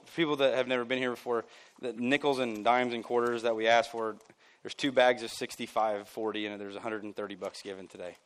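A medium-pitched male pastor preaches a sermon during a church service. His delivery is emphatic yet casual, swinging from loud bursts to almost quiet lines, with chuckling asides tossed in.

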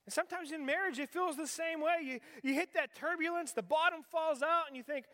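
A man's voice: very high-pitched, a little fast, few pauses, bright, forceful tone. A man in his forties from western Pennsylvania, preaching a sermon in a conversational way and asking the audience rhetorical questions. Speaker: pastor. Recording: long reverb of a large hall.

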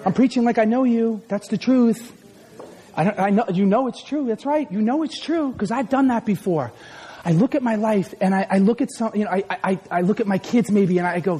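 A man preaching a sermon with passion, often shouting and asking his congregation questions. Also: high-pitched, brisk, breathy edge. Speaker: pastor.

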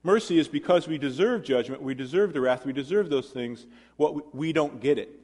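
Male pastor, conversational sermon, slightly higher voice, long echo of a big hall. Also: brisk, a little mellow. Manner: conversational, self-deprecating asides and audience questions.

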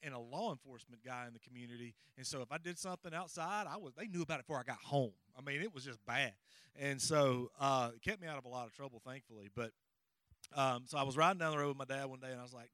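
Middle-aged man, folksy seminar co-presenter, crisp voice, dry close sound. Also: mid-range voice, fast talker, pushed and bright, no echo. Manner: folksy, rambling, audience check-ins. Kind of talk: conversational teaching with personal stories.

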